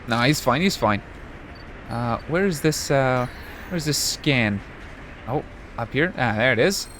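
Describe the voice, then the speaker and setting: A man's voice: mid-range voice, expressive, fairly bright tone, a little hiss or hum. Rambling young man, mild Canadian accent. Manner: rambling, halting, self-correcting. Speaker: gaming video host. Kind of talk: casual let's-play commentary.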